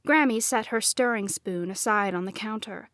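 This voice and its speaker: A woman reading a first-person novel as audiobook narrator, in a measured, expressive delivery. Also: medium pitch, no room sound, clean studio sound.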